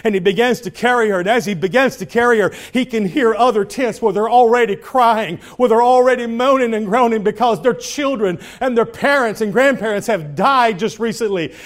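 Man, high voice, dramatic storytelling preacher. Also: a little fast, hardly any pauses. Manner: dramatic storytelling preacher, swings from hushed to loud. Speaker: pastor. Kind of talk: sermon.

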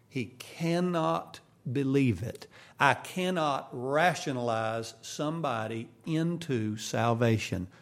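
A male preacher delivers his sermon with a gravelly edge to his voice. He speaks slowly and deliberately, earnest throughout. He swings between loud emphasis and quiet, firm lines. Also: medium pitch.

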